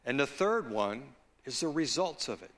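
A male pastor preaching a sermon, slow and deliberate, with storytelling asides and calls for agreement from the congregation. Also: mid-range voice, sing-song, a bit bright.

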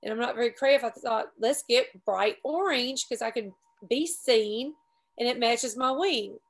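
A middle-aged woman tells a long, rambling story to friends, with a slightly high voice. She talks casually and often laughs at herself along the way. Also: a little slow, poor audio. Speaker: paramotor pilot telling a story. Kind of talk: casual group chat.

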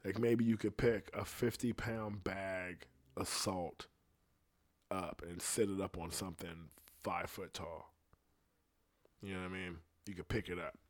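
A man's voice: low-pitched, steady tone, unhurried. A man, a singer, in a loose, rambling monologue, full of swearing and meandering asides. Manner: profane, meandering, laid-back storytelling. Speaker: singer talking on a podcast.

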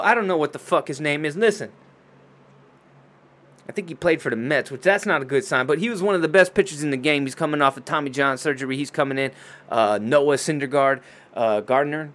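A man hosting a casual sports show, talking fast and loose with lots of swearing and trash talk. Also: a little high. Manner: profane, excitable trash talk.

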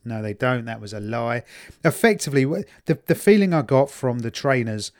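A man's voice: mid-range voice, a little fast. A man chatting casually as a podcast co-host, telling stories in a wry, sarcastic way. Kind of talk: casual chat.

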